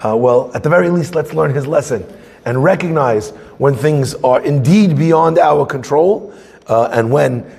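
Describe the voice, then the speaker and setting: A man teaching a Torah class as a rabbi, conversational and animated, acting out little scenes. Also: a little high, a little slow, vocal fry, husky, long reverb tail.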